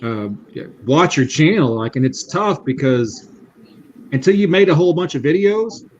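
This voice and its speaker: A man's voice: on the high side, lively intonation, moderate pace, dull audio, a little hiss or hum. A man in casual livestream chat, telling stories in an easygoing way and drawing out his words. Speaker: YouTube mechanic, guest on livestream.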